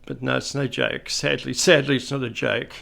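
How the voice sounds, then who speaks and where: A man's voice: medium pitch, steady tone, normal speed, creaky, fairly bright tone. A middle-aged Australian man telling anecdotes in a casual, conversational way with folksy asides. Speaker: retired police officer storyteller.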